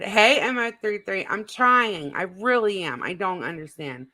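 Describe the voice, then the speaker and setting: A woman's voice: medium pitch, expressive, a little slow, bright, forceful tone, rough recording. A woman hosting a livestream, chatting casually and reading the chat aloud while reacting to a clip.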